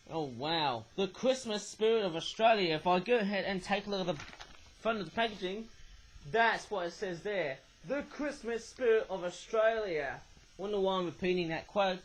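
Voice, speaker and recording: An older man in his sixties talks through an unboxing in a high, croaky voice. He rambles and throws in jokey asides as he goes. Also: poor audio. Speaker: toy channel host. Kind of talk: chatty unboxing commentary.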